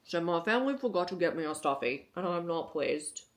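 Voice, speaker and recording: A woman's voice: fairly low pitch, lively intonation, brisk, voice pushed down. A woman voicing her sulky pet dog. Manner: complaining, put out. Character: grumpy pet dog, sulking male.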